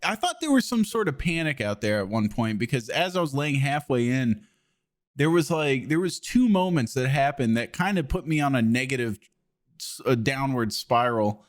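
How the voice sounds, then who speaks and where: A man co-hosting a podcast, telling a rambling, animated story with laughs in casual chat. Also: medium pitch, normal speed. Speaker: podcast co-host.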